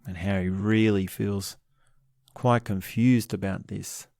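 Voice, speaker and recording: A man hosting a podcast, giving a slow, reflective commentary on a book series, often pausing and restarting his sentences. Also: lowish voice, fairly even intonation, vocal fry, a little mellow, dry recording, clean studio sound. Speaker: podcast host.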